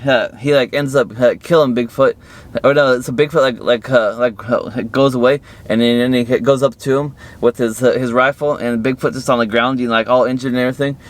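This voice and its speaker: A man talks through a film's plot in a loose, rambling way, circling back on his own words and leaning on "you know" and "guys." His voice sits at an ordinary middle pitch but leaps sharply upward when he wants to stress a point. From United States. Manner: filler-heavy, repeats phrases, addresses viewers as guys; jumps suddenly high for emphasis. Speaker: movie reviewer. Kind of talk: rambling casual movie recap to camera.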